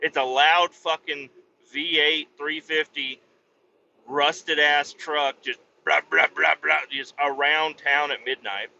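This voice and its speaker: A man's voice: fairly high pitch, steady tone, slow, gravelly, bright, forceful tone, highs cut off, a little hiss or hum. A man hosting a podcast who tells a story in a casual comic way, rambling, sarcastic and full of swearing. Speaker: podcast host.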